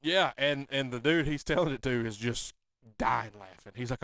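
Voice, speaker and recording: A laid-back man with a drawl, chatting on a podcast. His voice sits at an ordinary pitch, and the recording is dry and close, with no room sound. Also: normal speed, a bit bright, no room sound. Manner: laid-back storyteller, laughs often. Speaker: podcast host. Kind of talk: casual chat.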